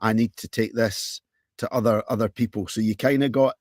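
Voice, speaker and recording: A man's voice: lowish voice, fairly even intonation, fairly quick, a little mellow, no echo, studio quality. A man hosting a podcast, asking long questions with many restarts and ums. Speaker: podcast host. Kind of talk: interview questions.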